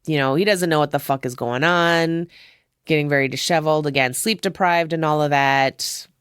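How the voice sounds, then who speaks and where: A woman's voice: lowish voice, fairly bright tone, clear, resonant tone, no room sound, studio quality. A woman podcast host giving a chatty movie recap, swearing freely and laughing often.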